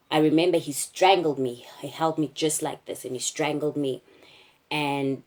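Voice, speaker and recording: A young South African woman telling a personal story to camera, candid and halting, with frequent fillers. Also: low voice, a little mellow.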